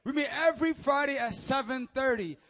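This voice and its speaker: A young man, a youth pastor, giving energetic, joking announcements and preaching to teens, often calling for amens. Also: very high-pitched, fairly quick.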